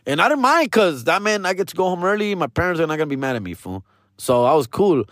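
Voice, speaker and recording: A man's voice: sits high, sing-song, quick pace, a bit bright, dry recording, clean studio sound. A man, a comedian telling stories casually, full of slang and profanity and acting out the voices of people he quotes. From Los Angeles area. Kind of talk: casual storytelling.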